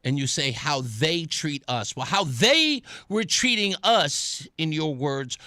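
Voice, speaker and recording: A man's voice: fairly high pitch, slow, few pauses, dry recording, studio quality. A man hosting a talk radio show, delivering an opinionated, mocking monologue and acting out other people's voices. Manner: animated, mocking, acts out voices.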